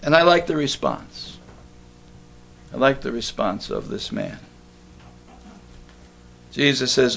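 A man's voice: medium pitch, expressive, normal speed, creaky, a bit bright. A man preaching a sermon in a church, talking in a conversational way and asking the congregation questions.

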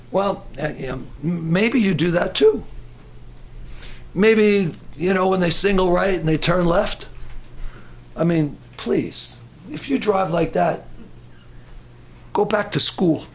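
A middle-aged man preaching a sermon in an animated way, acting out voices and breaking into shouts. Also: high voice, slow, pauses often.

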